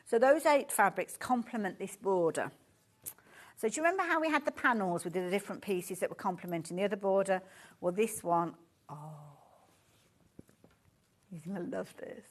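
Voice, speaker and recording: A woman's voice: medium pitch, a little fast. A woman with a Birmingham accent presenting fabric on a live shopping show, chatty and gushing and easily sidetracked, speaking from a studio. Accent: Birmingham English.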